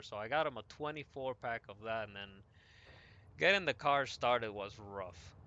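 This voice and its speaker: Animated storytelling man, bright voice. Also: medium pitch, moderate pace, lo-fi sound. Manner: animated, lots of fillers and self-corrections. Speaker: gaming podcast host. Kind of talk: casual storytelling while gaming.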